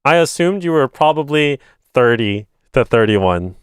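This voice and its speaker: A man's voice: a little slow, clear, resonant tone, no echo, studio quality. A man in his twenties chatting casually with viewers while building a model kit, telling stories and mimicking his friends. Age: 20s. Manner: animated storytelling, imitating friends in a higher voice, swearing. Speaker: streamer.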